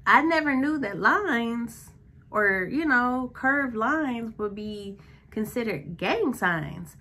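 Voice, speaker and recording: Slow-talking bright-voiced woman vlogger. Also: on the high side, lively intonation. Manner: rambling, chatty, with many likes and self-corrections. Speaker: vlogger telling a story. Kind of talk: casual storytime.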